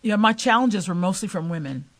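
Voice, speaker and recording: A woman's voice: mid-range voice, fairly quick. A middle-aged woman, an interview guest, telling stories emphatically and acting out the people she quotes. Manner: animated, acts out quoted voices. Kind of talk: interview storytelling.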